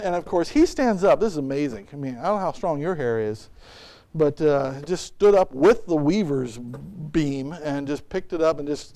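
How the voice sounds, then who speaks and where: A pastor preaching a sermon in church, retelling a story with lively acted-out quotes. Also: male voice, on the high side. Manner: animated storytelling, acting out quotes.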